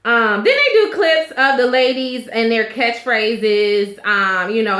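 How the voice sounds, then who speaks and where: A woman's voice: fairly high pitch, normal speed, hardly any pauses, sharp tone. A woman in her thirties recapping a reality show in a chatty, opinionated way, full of fillers. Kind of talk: casual recap vlog. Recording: echoey room.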